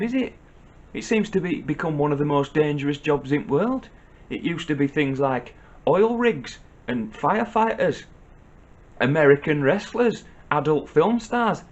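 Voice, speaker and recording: A man's voice: high-pitched, muffled recording. A middle-aged man with a Northern English accent, giving a blunt, sardonic comic advice monologue in a lecturing tone. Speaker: comedian.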